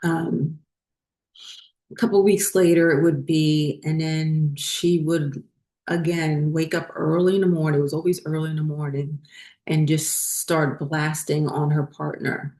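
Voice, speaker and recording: A woman's voice: deep voice, little pitch movement, measured pace, mellow, echoey room. A woman host telling a personal story in a casual, rambling way, full of fillers and restarts. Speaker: spiritual channel host.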